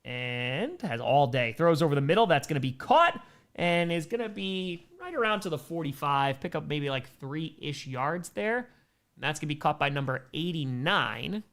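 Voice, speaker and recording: A man's voice: fairly high pitch, big pitch swings, moderate pace, a bit bright. A man hosting a live stream, calling football plays in a running broadcast cadence and reading out viewer messages between downs. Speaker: live stream host doing play-by-play. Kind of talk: casual play-by-play commentary with chat reading.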